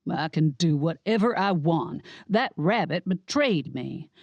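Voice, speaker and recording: A woman's voice: low voice, animated, a little slow, gravelly, a little mellow, no echo, highs cut off, exaggerated voice. A woman voicing a menacing, enraged woman with a knife in an audiobook, threatening in tone. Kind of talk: audiobook character voice.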